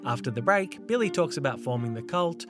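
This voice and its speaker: A man's voice: medium pitch, lively intonation, a little fast, over music. A man hosting an interview podcast, reading scripted links and asking questions. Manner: brief encouraging interjections, reads scripted links. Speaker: podcast host.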